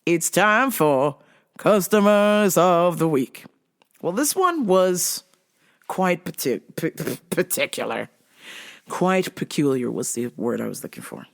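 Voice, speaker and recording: A woman's voice: fairly low pitch, animated, slow pace, creaky. A woman hosting a vlog, telling a story in a casual, profane way and laughing often. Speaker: vlog host.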